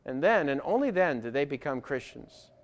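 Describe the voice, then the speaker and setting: Emphatic male preacher, fairly high voice. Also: very animated, normal speed. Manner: earnest, emphatic, repeats key phrases. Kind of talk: sermon. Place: church with baptistry.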